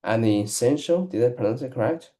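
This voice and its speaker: A man practicing English in casual conversation, speaking haltingly with many restarts and fillers. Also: mid-range voice, expressive, mellow. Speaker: English learner.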